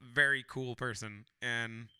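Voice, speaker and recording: A man's voice: mid-range voice, fairly even intonation, slow, bright, forceful tone, smooth, no room sound, studio quality. A man co-hosting a podcast, bantering and telling stories with jokes and swearing. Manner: profane, jokey banter. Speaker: podcast co-host. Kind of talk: casual chat.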